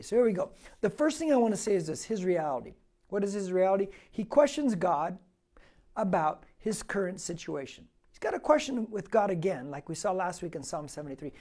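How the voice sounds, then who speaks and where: A man's voice: high-pitched, dark tone. A man preaching verse by verse as a pastor, chatting with his listeners, asking them questions and reading scripture aloud with rising force. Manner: conversational, asks the listeners rhetorical questions. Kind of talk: verse-by-verse sermon.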